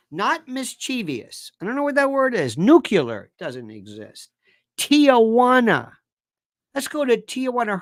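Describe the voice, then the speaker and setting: Male host from Florida; slow, sarcastic, pedantic lecturer with a swooping, animated delivery, recorded dry. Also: high-pitched, no echo. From Tampa, Florida, USA. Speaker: show host. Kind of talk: live commentary monologue.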